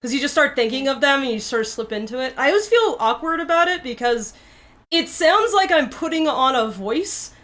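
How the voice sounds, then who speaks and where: A woman with a fairly high voice chats casually over a voice call. She laughs often and pokes fun at herself as she talks. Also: animated, brisk, fairly bright tone. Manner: laughs often, self-deprecating. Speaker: cast or crew member on a livestream. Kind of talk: casual group chat.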